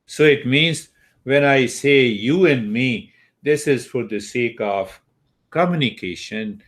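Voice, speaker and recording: Man, meditation teacher, very slow unhurried delivery, middle pitch. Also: fairly bright tone. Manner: slow, meditative, with long pauses; uses Sanskrit terms. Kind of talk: spiritual teaching talk.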